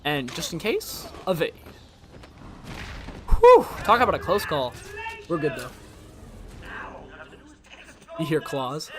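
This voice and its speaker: A young adult man streams a gaming challenge, rambling chattily, poking fun at himself and jumping from topic to topic as he plays. His fairly high voice swings hugely in pitch, and he speaks slowly with frequent pauses. His throat sounds a little strained.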